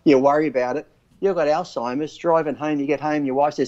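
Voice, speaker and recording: A man's voice: a little high, fairly even intonation, fairly quick, darkish tone, lo-fi sound. Australian man, swearing storyteller. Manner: swears freely, acts out comic voices in his anecdotes. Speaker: co-host. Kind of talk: casual chat.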